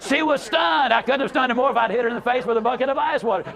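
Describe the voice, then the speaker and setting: A man with a high-pitched voice gives a motivational speech in a folksy storytelling style. He leans hard on emphasis and repeats words and phrases for effect. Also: quick pace, vocal fry, a crowd in the background. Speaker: motivational speaker.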